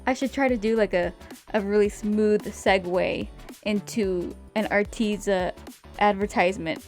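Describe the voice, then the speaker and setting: A woman's voice: medium pitch, steady tone, a little slow, a little mellow. A young woman doing a chatty, rambling voiceover with many fillers and little laughs. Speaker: art youtuber. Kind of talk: casual voiceover narration. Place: home, voice-over over a speed paint. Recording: voice-over with faint background music.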